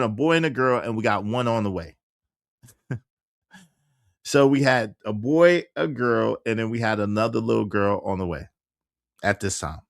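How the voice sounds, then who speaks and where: A man's voice: mid-range voice, no echo, clean studio sound. A man, casually telling a personal story and acting out what others said, with many restarts. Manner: animated, acts out quoted dialogue, frequent restarts.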